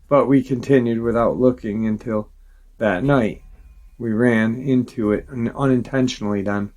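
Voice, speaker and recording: Male narrator, average pitch, calm steady reader for first-person story reads. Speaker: channel host reading a viewer's story.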